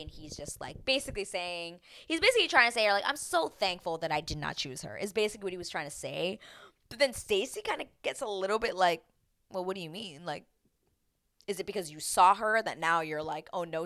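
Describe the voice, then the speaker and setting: Woman host, casual recap chat, lively pitch, bright edge, salty and animated. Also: no room sound, studio quality. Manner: animated, acts out quotes, swears freely.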